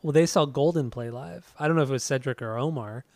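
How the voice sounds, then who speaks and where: A man's voice: medium pitch, quick pace, darkish tone, no echo. A man co-hosting a podcast who explains things in a tentative, hedging way. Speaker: podcast co-host. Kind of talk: casual chat.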